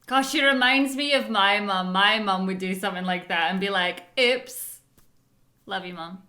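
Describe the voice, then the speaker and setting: A woman's voice: mid-range voice, steady tone, normal speed, pushed and bright. A woman hosting a reaction video, chatting in a casual and outspoken way.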